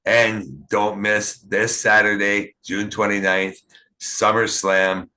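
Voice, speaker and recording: A man from Canada hosting a podcast, talking in a casual, rambling way with many fillers and halting restarts. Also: fairly low pitch, steady tone, pushed and bright. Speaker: podcast host. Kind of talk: casual interview chat. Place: small town.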